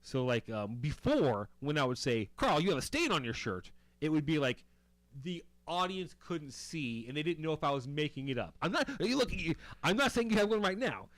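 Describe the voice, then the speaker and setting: A man's voice: on the high side, lively intonation, normal speed, dry recording. A man hosting a comedy talk show, rambling and teasing with lots of "like" and false starts. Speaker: host.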